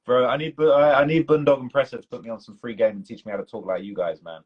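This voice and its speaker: Hosting a live stream via video call, a British documentary creator from the United Kingdom chats in a rambling, loose way laced with "bro" and "man." He talks fast in a husky, mid-range voice with fairly even intonation, and the sound is lo-fi.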